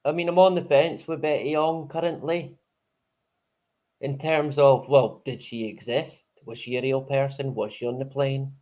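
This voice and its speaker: A man's voice: medium pitch, fairly even intonation, moderate pace, phone-quality sound. A man hosting a live stream in casual chat, rambling, swearing freely and chuckling often.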